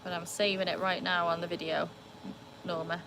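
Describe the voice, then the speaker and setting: A woman's voice: fairly low pitch, flat delivery, moderate pace. Chatty British woman on a noisy livestream. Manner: chatty and rambling, full of "like" and "um". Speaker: live streamer, dog owner. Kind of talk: casual live-stream chat, reading and answering the chat. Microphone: phone.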